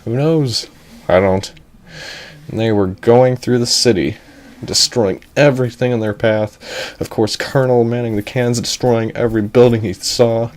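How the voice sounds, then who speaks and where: A young man narrating a comedic animated story in a rambling, jokey way, interrupting himself with asides. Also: mid-range voice, unhurried.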